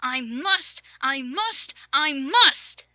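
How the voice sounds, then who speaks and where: Squeaky little worried engine, super high n bright, whiny and strained. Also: animated, very slow, heavily acted. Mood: straining. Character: small anxious young male tank engine.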